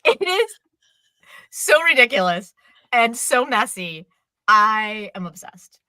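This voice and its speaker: A woman co-hosting a casual chat about dramas, talking in an animated, gushing way with quick asides. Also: on the high side, no room sound. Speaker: co-host.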